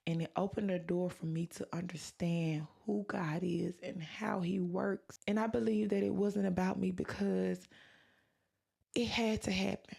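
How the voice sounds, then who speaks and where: A woman's voice: on the low side, steady tone, a little slow, vocal fry, darkish tone, slightly rough. A woman hosting a podcast, sharing a personal faith testimony in an earnest, emotional way and acting out her own past words. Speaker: podcast host.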